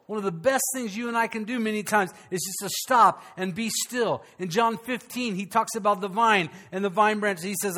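A man, a pastor, preaching to his congregation in a conversational way, with humor and dramatic pauses. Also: high voice, fairly bright tone. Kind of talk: sermon. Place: church sanctuary before a congregation.

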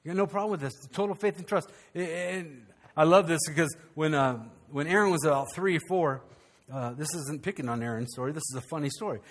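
An older man preaching a sermon as pastor, swinging from loud, animated outbursts to hushed, quiet passages. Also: a little high, fairly quick.

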